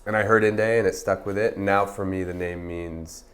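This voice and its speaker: A man in his thirties, a restaurant founder, telling stories in a relaxed, chatty way full of fillers. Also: deep voice, moderate pace. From United States. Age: 30s. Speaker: restaurant founder, podcast guest. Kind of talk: casual conversational storytelling.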